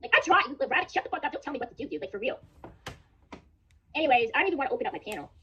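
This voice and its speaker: A woman's voice: high voice, big pitch swings, racing, sharp tone, muffled recording, a little hiss or hum. A young woman streaming live, ranting angrily at her chat and swearing constantly. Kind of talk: angry livestream rant.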